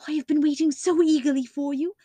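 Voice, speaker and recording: A woman voicing an anxious, frightened young woman who speaks high and breathless in a storybook reading. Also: steady tone, fast, warm tone, no echo, natural voice. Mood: eager.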